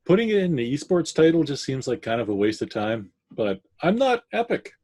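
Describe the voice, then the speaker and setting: A man's voice: mid-range voice, very animated, brisk, darkish tone. A man from Canada co-hosting a casual gaming podcast, cracking jokes and playful asides. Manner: joking, playful, makes silly noises. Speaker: podcast co-host. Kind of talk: casual chat.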